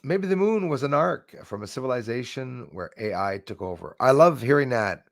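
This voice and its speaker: A man with a gravelly, creaky voice hosts a casual live stream and jokes with his viewers. He rambles along with plenty of fillers and restarts. The sound is close and dry, with no room echo. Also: mid-range voice, lively intonation, moderate pace. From Canada.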